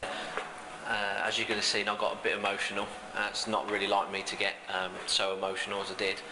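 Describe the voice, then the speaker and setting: Halting, fervent man in an echoing hall. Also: fairly low pitch, completely flat delivery, background noise. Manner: halting, fervent, many restarts. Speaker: medium on a ghost hunt. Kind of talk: emotional first-person reflection.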